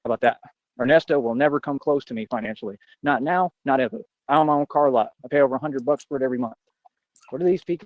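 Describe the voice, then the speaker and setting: A man rattles off a brash, confrontational rant at a quick clip, bragging and jumping from one grievance to the next. His voice is close and dry with no room around it. The stream audio sounds dull and lo-fi. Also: mid-range voice, a little mellow, no echo. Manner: boastful, confrontational, rambling. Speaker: livestreamer. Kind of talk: ranting monologue on a livestream.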